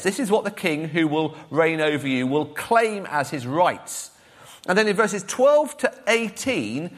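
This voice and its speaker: A man preaching a sermon, speaking straight to the congregation and putting questions to them. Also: fairly high pitch. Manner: animated, questions the congregation directly.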